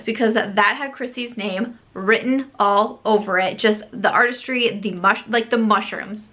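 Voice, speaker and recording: A woman beauty vlogger chatting casually to camera, gushing and excitable, with lots of filler "like" and quick self-corrections. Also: mid-range voice.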